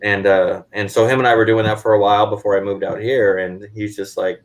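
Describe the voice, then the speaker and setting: Brief: man, low voice, relaxed guest recounting his career in a casual interview. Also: a little fast, slight background noise, rough recording. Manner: animated storyteller, acts out quoted voices. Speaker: guest photographer.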